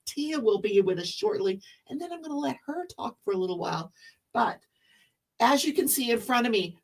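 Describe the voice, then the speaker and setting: A woman's voice: mid-range voice, far from the mic. A woman hosting a craft livestream, chatting casually and greeting viewers. She is losing her voice. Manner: chatty, explains rules, greets viewers by name.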